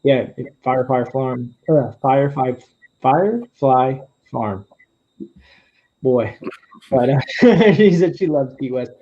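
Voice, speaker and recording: A man from the Florida Keys hosts a casual live-stream chat in a mellow, relaxed voice. He rambles through stories with restarts and quick laughs. The sound is dull, lo-fi stream audio. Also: medium pitch. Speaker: host.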